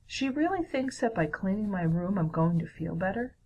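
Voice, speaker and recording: A woman's voice: medium pitch, expressive, moderate pace, a little mellow, slight background noise, lightly acted, low-quality recording. A woman voicing an upset young boy who sulks and complains, in a read-aloud story. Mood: sulky. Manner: sulky, frustrated.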